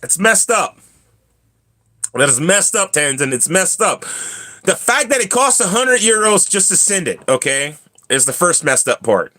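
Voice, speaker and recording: A man hosts a relaxed livestream and talks straight to his viewers. His voice is bright and sits a little high, and he gets animated and ranty, with coughs and throat-clearing along the way. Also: unhurried. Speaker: livestream host. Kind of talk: casual chat with viewers.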